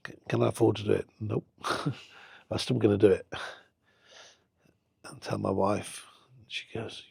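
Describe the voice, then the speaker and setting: A man's voice: fairly low pitch, normal speed, creaky, long pauses, breathy edge, no room sound. A middle-aged man, a football club owner telling stories in a casual interview and acting out the conversations he recalls. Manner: animated anecdote-telling, acting out quoted exchanges.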